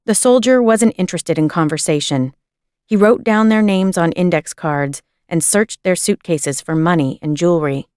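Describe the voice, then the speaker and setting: A woman reading a children's book aloud in a measured, expressive storytelling manner. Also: on the low side, clear, resonant tone, dry recording, clean studio sound. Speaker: reader.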